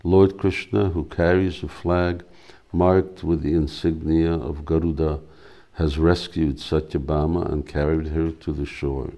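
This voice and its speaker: A man's voice: very deep voice, level tone, unhurried, dark tone. A man reading as a reassuring young female attendant.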